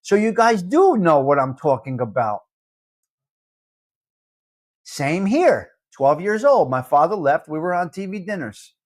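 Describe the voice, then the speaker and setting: A man's voice: high-pitched, very animated, unhurried, pauses often. A man hosting a casual live-stream chat, brash and mock-combative, swearing freely as he talks to viewers. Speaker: live show host.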